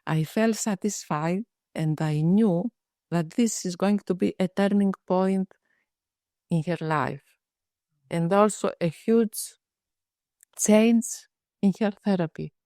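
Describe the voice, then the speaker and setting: Slow, measured woman psychiatrist telling a case. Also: on the low side, dark tone, no echo, studio quality. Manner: slow, measured storytelling with frequent restarts. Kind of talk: case presentation in a webinar. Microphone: video call.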